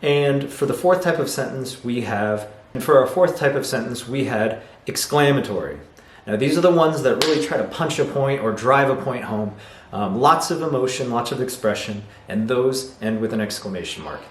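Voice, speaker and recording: A man's voice: medium pitch, animated, normal speed. A man teaching a video lesson on English grammar, explaining patiently and acting out example sentences. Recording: roomy echo, faint noise.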